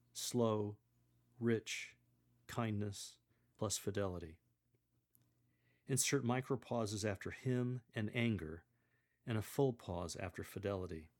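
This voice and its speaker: A man hosting a podcast, calmly explaining how to read scripture aloud and demonstrating the lines. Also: lowish voice. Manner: measured and explanatory, demonstrating the readings. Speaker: podcast host coaching scripture readers. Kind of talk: instructional coaching on reading scripture aloud.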